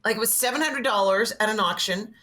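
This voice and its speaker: A woman guest on a comedy podcast, telling an animated comic story and acting out quotes. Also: mid-range voice, fast talker. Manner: animated, acts out quotes in voices.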